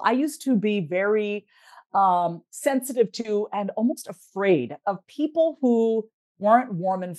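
A woman therapist and life coach talks as a podcast guest, direct and emphatic in a motivational way. Her voice sits in a middle pitch range. The recording is dry, with no room sound. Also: a little mellow, dry recording. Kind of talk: podcast interview talk.

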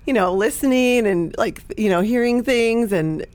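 A woman's voice: on the high side, moderate pace. A middle-aged woman from the Chicago area, a podcast guest in a casual chat, enthusiastic and gushing. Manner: enthusiastic, gushing, with lively swings.

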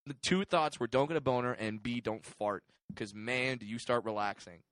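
A man's voice: mid-range voice, normal speed, fairly bright tone, dry recording. A man co-hosting a casual comedy podcast, rambling and laughing as he tells stories. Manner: rambling, laughing, heavy use of fillers like "like". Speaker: podcast co-host.

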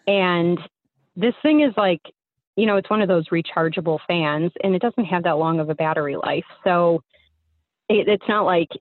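A woman's voice: fairly low pitch, normal speed, dry recording. A young woman caller casually telling a story, rambling with lots of fillers, heard over a tinny phone line.

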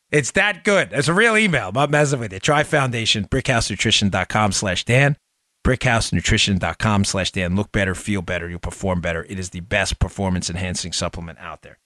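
A man's voice: fairly low pitch, bright, forceful tone, no room sound, studio quality. A middle-aged man hosting a political podcast, heated and emphatic, lecturing his listeners. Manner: brisk upbeat ad read.

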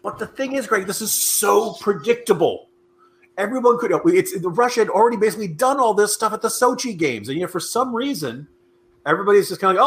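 A man's voice: high-pitched, animated, a little fast, fairly bright tone. A man co-hosting a political podcast, talking in a sarcastic, ranting way. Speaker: podcast co-host. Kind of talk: casual political chat.

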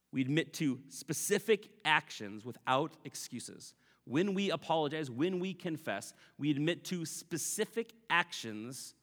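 A male pastor delivering an animated sermon, acting out apologies and slipping in playful asides. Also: on the high side, in a large hall.

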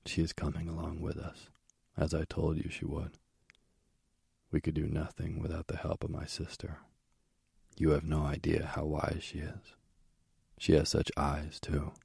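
A cheerful, boastful young messenger god who talks up his sister, voiced by a man reading a story. The voice sits very deep and gravelly. Its dark, husky tone stays dry and close. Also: completely flat delivery, a little slow, pauses often, dry recording, heavily acted. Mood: eager. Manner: chatty, praises his sister.

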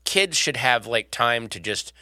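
A man's voice: medium pitch, animated, measured pace, sharp tone, no echo. A man co-hosting a podcast in casual, playful, rambling chat. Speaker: podcast co-host.

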